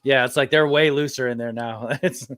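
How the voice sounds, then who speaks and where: A man's voice: mid-range voice, steady tone, moderate pace, fairly bright tone, dry recording. A man in a casual group chat, telling rambling stories about his collection. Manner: rambling storyteller, laughs at own stories. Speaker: comic collector.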